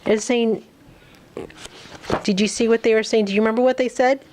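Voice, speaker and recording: A woman reading a picture book aloud to a small child, slow and coaxing, asking questions as she goes. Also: on the high side, fairly even intonation, background noise.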